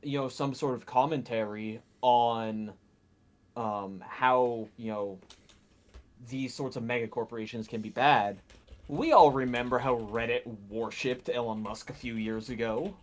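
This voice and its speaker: Mid-pitched man arguing his point. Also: fairly even intonation, a little slow. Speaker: co-host of a movie discussion show. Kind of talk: casual group discussion.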